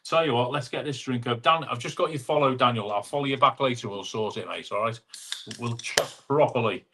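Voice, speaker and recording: Speaking into a wireless clip-on mic at home, a man with a medium-pitched, sharp voice hosts a casual live chat, with a little hiss or hum audible. He reads viewer comments aloud, chats freely with quick asides, and calls people "mate."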